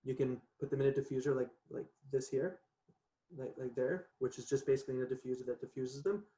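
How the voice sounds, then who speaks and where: A man's voice: medium pitch, fast. Chatty man telling a story, echoey room. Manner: chatty, animated, laughs often, says "right?" a lot. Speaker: podcast guest. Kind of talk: casual storytelling.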